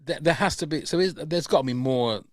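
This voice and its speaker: A podcast host with a fairly high voice talks briskly in a clean, echo-free studio recording. He chats casually and enthusiastically, restarting his sentences often.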